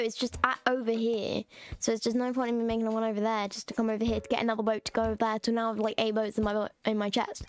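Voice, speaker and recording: A woman chatting casually and rambling while she streams a game. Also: fairly high pitch. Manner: chatty, rambling, self-mocking.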